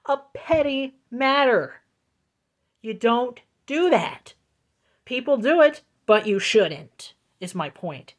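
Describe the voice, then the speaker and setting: Slow, emphatic woman telling a story. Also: fairly high pitch, very animated. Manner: slow, deliberate and emphatic, with repeated points. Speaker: vlogger. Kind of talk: storytime vlog. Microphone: phone.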